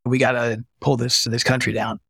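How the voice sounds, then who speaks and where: A middle-aged man, a retired army physician, talking as a guest in an interview and telling lively stories. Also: medium pitch, moderate pace, vocal fry, slightly rough, no room sound, studio quality. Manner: animated storyteller, acts out quoted voices. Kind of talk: conversational storytelling interview.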